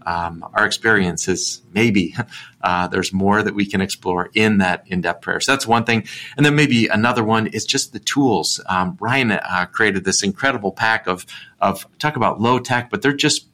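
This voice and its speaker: Bright-voiced man explaining thoughtfully. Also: lowish voice, moderate pace. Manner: thoughtful, with frequent um and uh fillers. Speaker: guest author. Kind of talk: podcast interview, conversational explanation.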